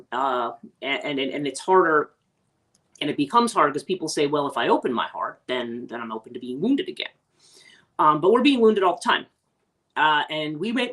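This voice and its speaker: A woman's voice: sits low, a bit bright, distant mic. A woman life coach talking through ideas in a casual livestream, reflective and full of restarts. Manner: reflective, rambling with many restarts.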